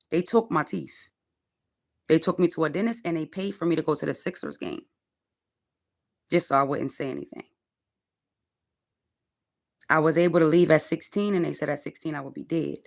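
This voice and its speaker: A woman's voice: sits low, fairly quick, creaky, long pauses. A woman in her forties ranting on a livestream from her car, profane, defiant and preachy. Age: 40s. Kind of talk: angry livestream rant.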